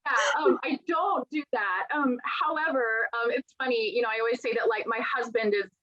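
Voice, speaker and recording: Woman author telling stories, high-ish voice, dry close sound kinda muffled. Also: brisk, dry recording. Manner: animated storyteller, acts out quoted dialogue. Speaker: author guest. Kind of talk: conversational author interview. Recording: dull, lo-fi sound.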